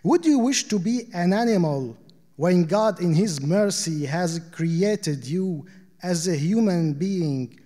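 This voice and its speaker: A man's voice: high voice, dark tone. A man reading aloud, voicing a proud, scornful man who lectures his friend in a disdainful tone. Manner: disdainful, lofty. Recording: long hall reverb.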